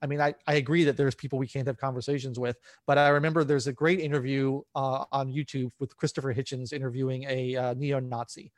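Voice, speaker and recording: A man's voice: mid-range voice, level tone, quick pace, hardly any pauses, no echo, clean studio sound. A man who is an author, a guest on a podcast, speaking in an articulate, fluent way. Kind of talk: conversational interview.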